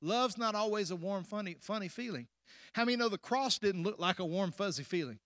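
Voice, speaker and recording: A man with a high, bright speaking voice delivers a sermon, pressing the congregation with direct questions. He speeds up in bursts and then sinks into slow, hushed endings. The sound is dry and close, with no room echo. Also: lively intonation. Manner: preaching with sudden rushes and drawn-out, hushed endings. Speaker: pastor.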